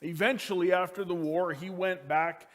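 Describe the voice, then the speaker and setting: A man who is a pastor, preaching a sermon that moves from loud emphasis down to hushed, quiet lines as he tells a family story. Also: high-pitched, steady tone, normal speed.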